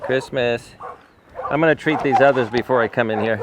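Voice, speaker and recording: An older man speaks to rescued dogs in a fond, coaxing way, his pitch sitting in an ordinary middle range. Dogs and clear background noise fill the outdoor recording around him. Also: fairly quick. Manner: affectionate, coaxing baby talk to animals. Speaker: animal rescuer. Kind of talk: casual talk to rescued dogs.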